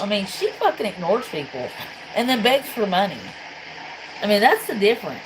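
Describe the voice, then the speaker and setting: A woman's voice: mid-range voice, very animated, normal speed, background noise. A woman from Tennessee with a Southern accent, chatting bluntly and casually to her livestream viewers and swearing freely. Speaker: livestream host.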